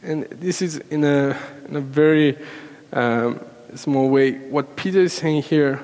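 A man's voice: on the high side, unhurried, darkish tone. A man from Peru preaches in a slightly raised voice, taking his time over each phrase. He repeats himself earnestly and pushes into fervent emphasis. The sound carries a long reverb from a large hall. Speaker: pastor. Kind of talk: sermon.

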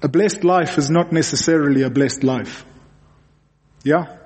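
A man delivers a sermon in an earnest voice that sits a little high for a man. He presses his points by repeating words, and his voice rings with the long reverb of a hall. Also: measured pace, a little mellow. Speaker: pastor.

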